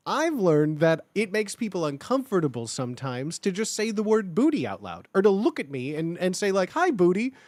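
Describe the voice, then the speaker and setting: A man's voice: high-pitched, normal speed, hardly any pauses, no room sound. A man live-streaming in a casual chat, telling stories full of fillers and acting out other people's lines, laughing often and thanking his viewers. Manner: animated storyteller, acts out conversations in voices; filler-heavy, lots of "like".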